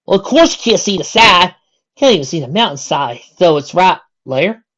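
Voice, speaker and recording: A woman's voice: fairly low pitch, lively intonation, moderate pace, fairly bright tone, dull audio, pitched above the performer's own voice. A woman voicing a plain-spoken country farm pony mare with folksy talk, in a fan audiobook reading. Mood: blunt. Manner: folksy, says y'all.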